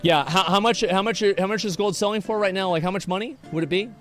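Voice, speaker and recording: Male streamer, 30s, brash and profane, rambling casual chat at a desk mic, a bit higher pitched, faint music underneath. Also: quick pace, fairly bright tone.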